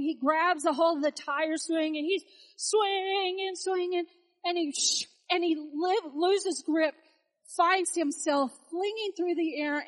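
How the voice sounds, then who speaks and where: Woman preacher, high voice, animated, exhorting, storytelling sermon. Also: poor audio.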